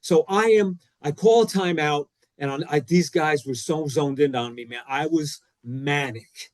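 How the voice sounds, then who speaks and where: Excitable guy cohosting a podcast, tells stories all worked up and emphatic, dry close sound. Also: fairly high pitch, a little slow, no room sound. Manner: emphatic and excitable, self-deprecating. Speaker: co-host, former defensive coordinator. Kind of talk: animated storytelling; casual podcast chat.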